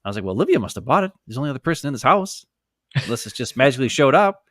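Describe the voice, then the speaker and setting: A man's voice: medium pitch, sing-song, very fast, a bit bright, no room sound, clean studio sound. A man from Wisconsin, co-hosting a casual sports podcast and rambling through stories in which he acts out the people he quotes. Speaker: podcast co-host. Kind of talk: casual chat.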